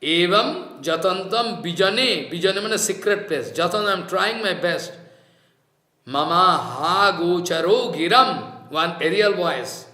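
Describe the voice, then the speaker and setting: A man giving a slow, reflective sermon, chanting Sanskrit verses and explaining them. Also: high voice, animated, sharp tone. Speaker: spiritual teacher. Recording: roomy echo.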